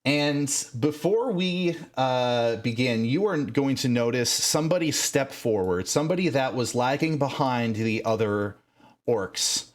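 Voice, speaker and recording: A man narrating as game master of a tabletop game, measured and dramatic, with frequent fillers. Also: medium pitch, expressive.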